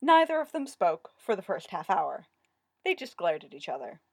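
A woman narrating a story aloud in an expressive, wry reading style. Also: lowish voice, moderate pace, vocal fry, slightly rough, dry recording, clean studio sound.

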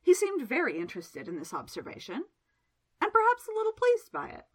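Woman, audiobook narrator, bright husky voice, wide lively pitch. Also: normal speed.

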